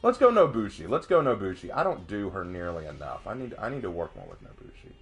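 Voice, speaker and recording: Excitable man chatting through a game stream. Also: fairly low pitch, fast talker, a little hiss or hum. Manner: chatty, excitable, laughs often, talks to himself. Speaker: game streamer reading chat. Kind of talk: live gameplay commentary.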